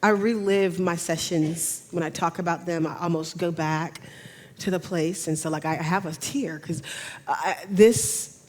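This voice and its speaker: A woman giving an emotional talk on camera, speaking in a halting way and often restarting her sentences. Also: fairly low pitch, steady tone, darkish tone. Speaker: speaker at a talk on remote viewing. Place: in front of a camera.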